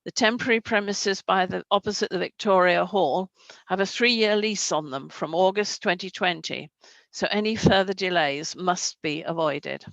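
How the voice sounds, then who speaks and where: A councillor makes her case to a planning committee over a video call. Her voice has a gravelly edge of vocal fry, and the sound is dry and close. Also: lowish voice, moderate pace, a bit bright, no echo, low-quality recording. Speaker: councillor speaking on an application. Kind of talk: prepared statement at an online council meeting.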